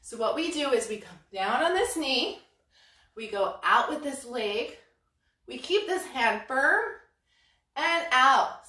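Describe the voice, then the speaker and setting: A woman's voice: high voice, bright, forceful tone. A woman leading a story-led children's yoga class in a playful, sing-song way, full of cheerful exclamations. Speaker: yoga instructor. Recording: echoey room, voice from a distant mic.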